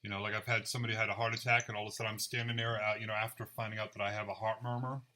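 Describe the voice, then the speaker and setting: A man, a psychic medium, chatting casually and retelling his experiences with lively quoted dialogue. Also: fairly low pitch, very fast. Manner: animated storyteller, acts out quoted dialogue. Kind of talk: casual chat, storytelling.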